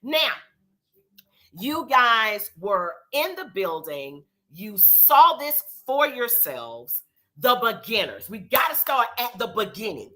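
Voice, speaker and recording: Middle-aged woman host, chatty and sassy, very animated intonation. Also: on the high side, slow pace. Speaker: show host. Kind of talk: casual live recap show.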